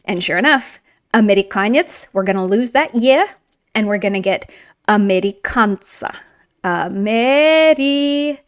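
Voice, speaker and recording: A woman's voice: medium pitch, moderate pace, no echo, clean studio sound. A woman teaching a video language lesson in an upbeat, encouraging, chatty way while writing on a board.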